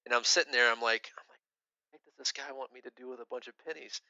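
A man's voice: mid-range voice, fairly even intonation, fast, vocal fry, pushed and bright, dry recording, lo-fi sound. A man in his thirties co-hosting a podcast, telling a long casual story with lots of restarts and filler words. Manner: rambling, many restarts and "like" fillers. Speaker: podcast co-host.

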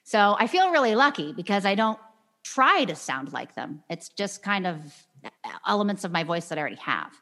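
A woman's voice: mid-range voice, big pitch swings, moderate pace, fairly bright tone. A woman of around forty, a singer, talking candidly as a podcast guest, with a somewhat nasal voice and an easy laugh. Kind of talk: casual podcast interview.

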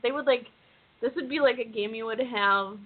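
A woman's voice: on the high side, normal speed. A woman co-hosting a podcast, chatting casually and teasing her co-host. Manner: teasing, lively, agreeing often. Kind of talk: casual recap chat. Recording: tinny phone-like sound.

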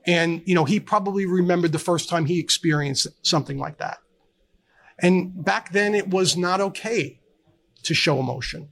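Gravelly, earnest middle-aged man. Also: high voice, a bit bright. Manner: earnest, halting with many restarts. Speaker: guest, fire service counselor. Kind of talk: candid conversational interview. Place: live podcast at a trade conference.

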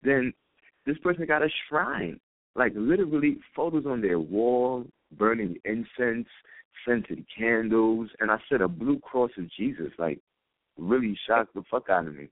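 A man's voice: mid-range voice, animated, a little slow, dry recording. A man calling in to an internet radio show, talking in a profane, rambling, heated rant. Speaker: caller. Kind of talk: call-in radio talk. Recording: dry tinny phone line.

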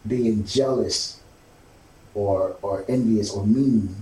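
A man hosting a casual talk show, speaking haltingly with many fillers and restarts. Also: lowish voice, dark tone. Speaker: host. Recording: roomy, distant mic, faint background noise.

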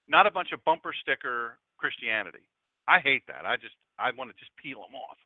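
A man, a pastor hosting an internet radio show, talking in a folksy, animated, conversational preaching style straight to his listeners. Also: mid-range voice, no echo. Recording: dry, phone-like lo-fi line.

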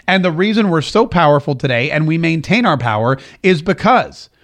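Male host, higher-pitched, emphatic and repetitive in his political commentary. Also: sing-song, fairly quick. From United States. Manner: emphatic, repeats phrases for stress. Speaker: podcast and radio host.

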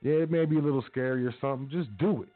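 Over faint background music, a mid-range male voice races along very fast. The podcast host keeps repeating his urging in a casual, preachy motivational talk, heard through tinny, phone-like audio.

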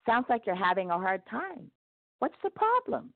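A woman voicing a gentle, patient God. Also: fairly high pitch, very animated, normal speed, gravelly, dry recording, voice pushed up. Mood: curious. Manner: gentle, reassuring. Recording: tinny phone-like dry sound.

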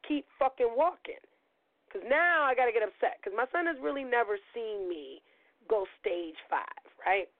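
A middle-aged woman hosting a podcast, telling a story in a loud, profane, animated way and acting out the quotes, her voice a little gravelly as it recovers. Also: on the high side, normal speed, no room sound. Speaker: podcast host. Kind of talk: storytelling monologue. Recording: tinny phone-like line.

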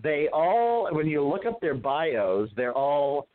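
A man with a slightly higher voice chats casually as a podcast co-host, dishing gossip with plenty of swearing. His voice comes through narrow and tinny, like a phone line. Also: sing-song, slow, slight background noise. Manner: profane, gossipy storytelling.

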